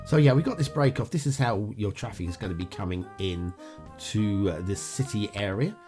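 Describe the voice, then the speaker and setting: A man with a fairly low voice hosts a game review show in an upbeat, chatty commentary style. His pitch rises and falls a lot as he talks, and he drops in plenty of "uh" fillers. Faint guitar music plays underneath. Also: lively intonation, normal speed. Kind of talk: casual gameplay commentary.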